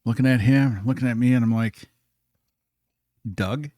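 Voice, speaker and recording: A man co-hosting a podcast, telling stories in a casual, animated way, acting out the dialogue and swearing freely. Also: medium pitch, quick pace, no echo, studio quality. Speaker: podcast co-host and bartender. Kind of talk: casual storytelling chat.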